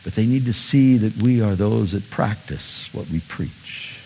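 A man's voice: fairly low pitch, a little slow, a little hiss or hum. Man preaching in a reverberant hall. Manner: animated preaching with sudden loud bursts and soft asides. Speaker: pastor. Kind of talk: sermon.

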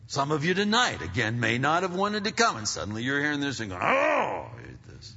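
A man preaching a sermon as pastor, animated and swinging from quiet asides to loud climaxes. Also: medium pitch, fast talker, breathy edge. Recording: long reverb, dull lo-fi sound.

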